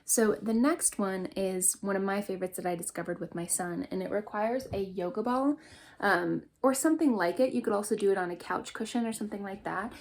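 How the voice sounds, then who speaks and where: A young adult woman leads a mindful parenting workshop in an earnest, encouraging voice of middle pitch. She explains calming exercises step by step and shows them as she goes. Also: a little fast. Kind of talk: instructional workshop talk.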